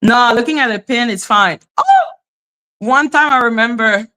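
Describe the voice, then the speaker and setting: A woman hosting a casual livestream, chatting with viewers in an animated way, laughing often and swearing freely. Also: a little high, normal speed. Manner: animated, laughing, frequent profanity. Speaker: livestream host. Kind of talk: casual livestream chat reading comments.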